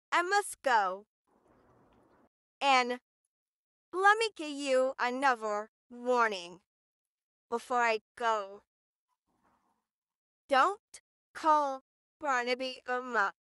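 Lady doing a sly flirty neighbor gal, smooth clear voice, dry sound. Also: high voice, bright, forceful tone, dry recording, exaggerated voice. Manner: teasing, sly warnings. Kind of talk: listener role-play.

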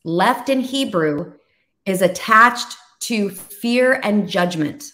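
A woman in her thirties or forties who preaches over a video call. Her delivery is animated and full of stories, and she acts out the voices of the people she quotes. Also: medium pitch, slow pace. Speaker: ministry leader and co-host.

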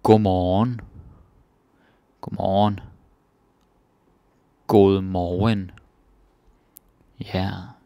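A young man with a Danish accent, teaching a casual language lesson and repeating each word slowly for learners. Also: sits low, gravelly, mellow, dry recording.

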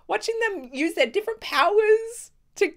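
A woman giving casual reaction commentary, excitable and swearing freely, with frequent laughter. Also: extremely high pitch, a little slow. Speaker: video reactor.

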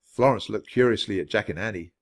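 A man reading a children's chapter book aloud with expressive storytelling. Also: lowish voice, fast. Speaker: storybook reader.

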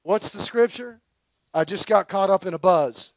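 A man with a high-pitched voice preaches at a conference, telling a story in a loose, slangy and energetic way. His voice is recorded dry and close, with no echo around it. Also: normal speed. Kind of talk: storytelling sermon.

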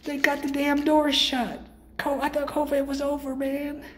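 With a completely flat delivery and a measured pace, a man rants comedically as a self-styled sales guru. He rambles in profane street slang, hard-selling his costly programs, over a little hiss or hum.

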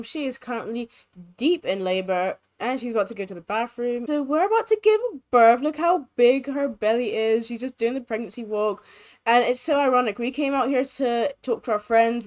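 A bubbly woman talks over her gameplay in a casual, gossipy way, with a voice pitched a little high. She runs on from one thought to the next and keeps dropping in "like". The feel is a relaxed channel host narrating her game. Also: brisk. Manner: bubbly, lots of fillers like "like". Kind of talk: chatty game commentary.

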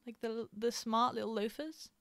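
A woman's voice: a little high, steady tone, normal speed, creaky, no room sound. A young woman from England streaming a game, chatting casually and telling stories with frequent giggles and fillers. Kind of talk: casual chat while gaming.

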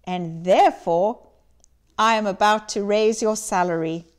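A woman voicing an old man, a reformed miser who turns giddy and briefly feigns gruffness, in a dramatic reading. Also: medium pitch, unhurried, close to an everyday voice. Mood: excited. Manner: excited, exclaiming. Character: old male miser turned jolly, gruff.

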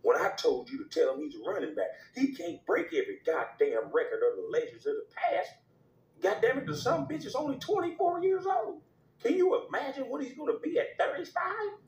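A man's voice: sits high, big pitch swings, a little fast, echoey room, pitched above the performer's own voice, rough recording. A man voicing a domineering male network boss who scolds and barks orders in a comedy skit. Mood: scolding. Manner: scolding, barking orders, profane.

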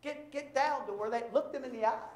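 A man preaching a sermon as pastor, emphatic and repetitive, acting out quick bits of dialogue to make his points. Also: very high-pitched. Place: church. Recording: echoey church sanctuary.

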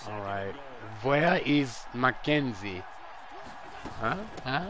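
A young man streaming a football video game live, trash-talking and commentating, dropping to mutters and jumping up to yells. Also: medium pitch, moderate pace, crowd noise. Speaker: gaming streamer.

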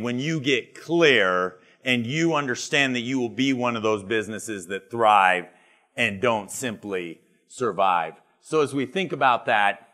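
A man's voice: mid-range voice, measured pace, pushed and bright. A middle-aged man giving a motivational keynote talk, telling humorous stories and acting out dialogue. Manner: humorous storytelling, acts out dialogue. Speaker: conference speaker. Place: live conference retreat.

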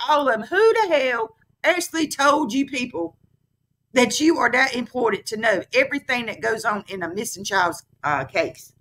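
A woman's voice: fairly high pitch, sharp tone. A woman hosting a live stream, reacting to a clip with indignant, scornful rhetorical questions. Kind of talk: heated casual commentary.

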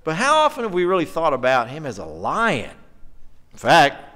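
A man preaching a conversational sermon in a church, animated and chatty, often putting questions to the congregation. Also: on the high side, moderate pace. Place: church sanctuary.

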